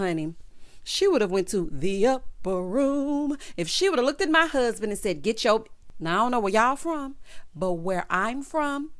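A woman doing a casual, chatty recap of a reality show, sassy and full of "honey" and "baby," with loud bursts of laughter. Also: medium pitch. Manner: animated, breaks into loud hollering laughs.

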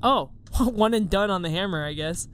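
A woman's voice: mid-range voice, moderate pace, a little hiss or hum. A young woman hosting a horror game let's-play, jumpy and swearing, who keeps dropping into a whisper and laughs nervously. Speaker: gaming video host. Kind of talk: casual let's-play commentary.

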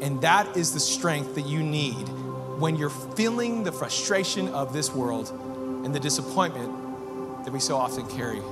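A pastor in his thirties delivers a heartfelt sermon, his voice sitting high for a man. He moves from quiet, earnest storytelling to fervent, repetitive preaching. A long church-hall reverb trails his words while music plays clearly behind him. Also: animated, measured pace. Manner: earnest, rising to fervent preaching with repeated phrases. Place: church sanctuary.

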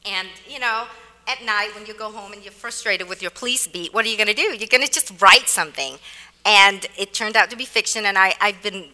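Woman author, native Vietnamese speaker, bright voice, long hall reverb. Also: mid-range voice, fairly quick. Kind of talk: onstage conversation.

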